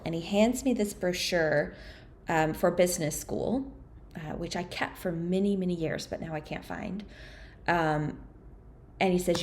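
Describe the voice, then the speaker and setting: A woman with a slightly low voice tells her own story as a podcast guest. She speaks softly and haltingly, restarting sentences and slowing down on the difficult parts. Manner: halting, soft-spoken, frequent restarts and fillers. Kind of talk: personal account in a podcast interview.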